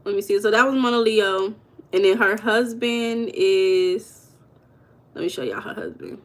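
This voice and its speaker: A woman's voice: medium pitch, lively intonation, measured pace. A woman hosting a live stream, chatting casually with her viewers and laughing often. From United States. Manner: chatty, talks to chat viewers, calls them baby and girl; laughs often while talking.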